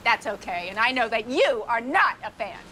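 An actress playing a frustrated, middle-aged diva actress in a TV comedy, indignant and shrill when angry. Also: female voice, sing-song, normal speed, bright, forceful tone, slight background noise. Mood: pleading. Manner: indignant, repeating herself. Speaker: lead actress in a series. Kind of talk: TV comedy acting.

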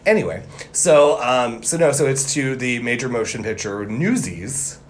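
A man's voice: mid-range voice, expressive, normal speed, slight background noise. A man co-hosting a podcast in casual chat, rambling and teasing with lots of fillers. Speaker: podcast co-host.

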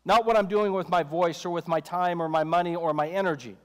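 A man's voice: high-pitched, fairly even intonation, brisk. A man preaching a sermon in a conversational style, with joking asides and quoted voices acted out. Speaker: pastor. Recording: long reverb of a hall.

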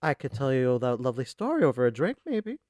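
A man's voice: mid-range voice, wildly swooping pitch, fast, darkish tone, no room sound. A man voicing a breezy, evasive old war comrade in a tabletop game.

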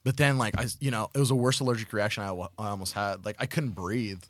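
A man's voice: lowish voice, quick pace, no echo, clean studio sound. A man telling a comic anecdote casually, acting out the quotes. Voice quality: animated, acts out quotes. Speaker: comedian. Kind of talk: casual comedic storytelling.

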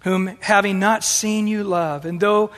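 High-voiced man preaching in a hall. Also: unhurried. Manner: animated, acts out quoted voices. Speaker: pastor. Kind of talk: sermon. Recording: long hall reverb.

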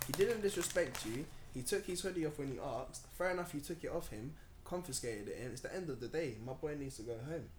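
A man's voice: on the high side, a little fast, few pauses, background noise. Chatty young man, roomy sound. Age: young adult. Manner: animated storytelling with London slang. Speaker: podcast host. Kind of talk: casual chat. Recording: roomy echo.

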